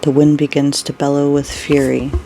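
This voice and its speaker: A storyteller reading a dark story aloud, unhurried, with brief personal asides. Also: medium pitch, flat delivery, vocal fry, slight background noise, rough recording.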